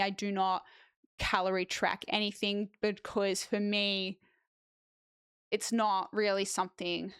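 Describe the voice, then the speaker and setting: Chatty Australian woman streamer, clear voice. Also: mid-range voice, no room sound, clean studio sound. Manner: chatty, animated asides. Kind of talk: casual chat reading viewer messages.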